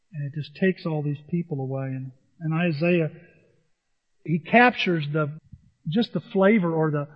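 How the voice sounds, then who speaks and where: A middle-aged male pastor preaching a sermon, telling homespun farm stories and swinging from loud to hushed. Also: high voice. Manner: folksy storytelling with sound effects, swings from loud to hushed. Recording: dull lo-fi audio with hall reverb.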